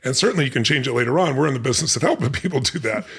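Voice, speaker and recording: A man hosting a podcast, talking in an energetic, earnest way and telling stories in casual conversation. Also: medium pitch, racing, husky. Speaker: podcast host.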